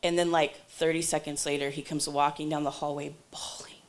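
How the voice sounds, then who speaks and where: A woman telling a lively testimony to a church congregation, then leading a spoken prayer, with quick asides. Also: low-pitched. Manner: animated, breathless storyteller with quick asides. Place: church service before a congregation.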